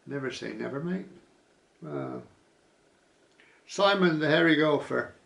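A man's voice: fairly high pitch, huge pitch swings, a little slow, gravelly, a bit bright. A man vlogging casually, reading viewer comments aloud with dry asides and frequent chuckles.

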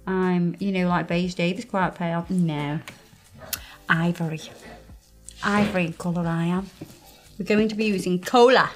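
A woman's voice: lowish voice, steady tone, normal speed, pauses often, faint music behind. A woman working as a nail technician, chatting playfully and teasing herself while she explains each step. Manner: playful, self-mocking, talks straight to the viewer. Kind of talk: chatty tutorial banter.

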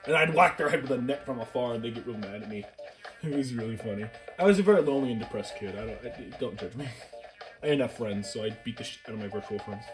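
A man's voice: mid-range voice, quick pace. A man co-hosting a let's play, joking and swearing in casual gameplay banter. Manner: joking, animated, swears often. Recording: game music behind.

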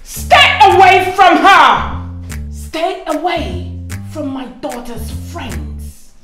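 Stern middle-aged house mistress, commanding, very slow, high voice, echoey room. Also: female voice, sing-song, a bit bright, exaggerated voice. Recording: echoey room with music underneath.

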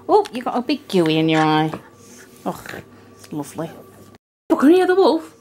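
A woman's voice: medium pitch, big pitch swings, moderate pace, long pauses, a little mellow, a little hiss or hum. A young woman vlogging at home, gushing in baby talk at her pet dog with gasps and giggles, filmed on a handheld camera. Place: at home indoors. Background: dog sounds.

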